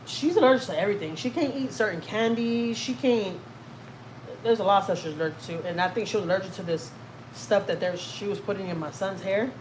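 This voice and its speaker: Chatty mom on a home livestream. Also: female voice, medium pitch, brisk, a little mellow, a little hiss or hum, rough recording. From Houston, Texas. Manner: chatty, rambling, self-teasing, talks to viewers as y'all. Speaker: family vlogger hosting a livestream. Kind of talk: casual livestream chat, reading comments aloud.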